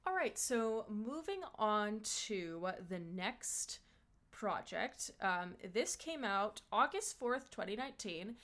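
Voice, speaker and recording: A woman's voice: medium pitch, sing-song, takes it slowly, fairly bright tone. A woman voice actor talking casually and eagerly about her past roles, with many fillers. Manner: chatty and enthusiastic, many fillers.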